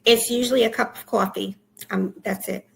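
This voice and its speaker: A woman guest on a podcast, giving brief, soft-spoken answers over a video call. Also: medium pitch, steady tone, moderate pace, vocal fry, rough recording. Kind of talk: casual interview answers.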